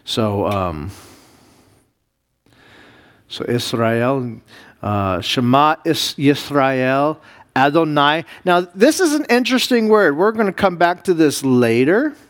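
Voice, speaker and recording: Slow, halting male Bible teacher. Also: a little high, very animated. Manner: slow, halting, many fillers and restarts. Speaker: pastor teaching a Bible class. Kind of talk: classroom lesson reading Hebrew.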